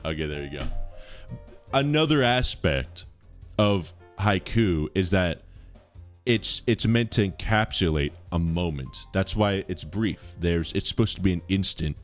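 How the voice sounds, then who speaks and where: Animated low-voiced male streamer, mock-grand. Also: unhurried, soft background music. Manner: mock-pompous, swings between big dramatic readings and mumbled asides. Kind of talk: casual live-stream chat.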